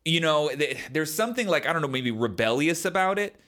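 A man's voice: fairly high pitch, lively intonation, fairly quick, fairly bright tone. A young adult man co-hosting a podcast, musing in a loose, rambling way, full of "like" and "man". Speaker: podcast co-host. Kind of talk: casual chat.

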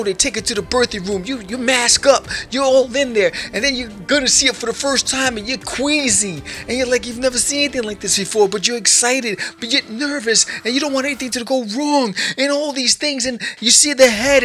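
A man hosting a podcast, talking straight to listeners and acting out their inner thoughts. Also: very high-pitched. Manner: animated, acts out inner thoughts in quotes. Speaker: podcast host. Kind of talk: motivational talk to listeners.

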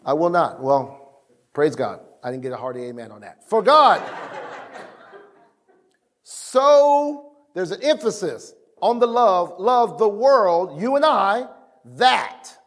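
High-voiced man preaching an emphatic sermon. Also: animated, slow, long pauses. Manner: emphatic, call-and-response with the congregation.

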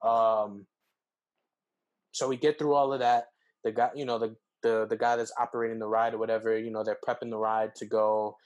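Young man telling an animated story. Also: normal speed, muffled recording. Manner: animated, acts out quotes with pitch jumps, heavy fillers. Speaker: podcast co-host. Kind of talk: casual storytelling.

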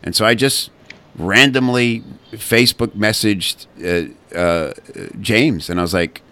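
A man's voice: lowish voice, slow pace, bright, forceful tone. A man being interviewed as a guest, telling his story candidly with many fillers and restarts. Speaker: guest, copywriting community founder.

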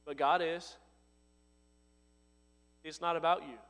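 A man preaching a sermon, his voice swelling to loud emphatic lines and dropping low and soft. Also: fairly even intonation, takes it slowly, vocal fry, clear, resonant tone, in a large hall. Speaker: pastor.

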